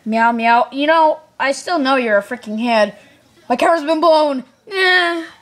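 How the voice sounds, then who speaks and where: A high, squeaky house cat, as voiced by a woman, that yelps and grumbles at anything bothering it. The voice climbs and swoops all over and the words come out unhurried. It is a playful home-video voiceover for a pet. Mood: grumbling. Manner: squeaky, excitable, indignant cartoonish cat voice. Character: scared, grumpy house cat voiced by its owner.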